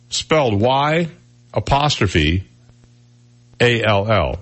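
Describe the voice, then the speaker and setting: A man's voice: medium pitch, big pitch swings, takes it slowly, pauses often, a bit bright. A man from Michigan hosting a casual radio talk show, chatty and joking with lots of fillers.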